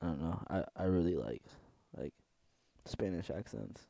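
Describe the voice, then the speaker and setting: A man's voice: sits low, animated, normal speed, creaky, dark tone, no echo. A young man co-hosting a podcast, rambling casually with swearing and frequent self-interruptions. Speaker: podcast co-host. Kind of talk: casual chat.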